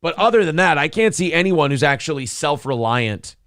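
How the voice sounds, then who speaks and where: Male co-host, blunt and profane, animated pitch, dry mic. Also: a little fast, no echo. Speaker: morning show co-host. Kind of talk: casual political talk show, reading chat comments.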